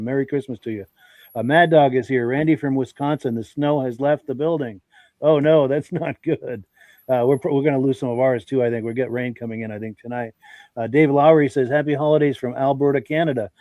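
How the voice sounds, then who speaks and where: A man's voice: medium pitch, dark tone, no room sound. A man with a congested voice hosting a live podcast, reading out viewer comments in a friendly, folksy way. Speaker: podcast host.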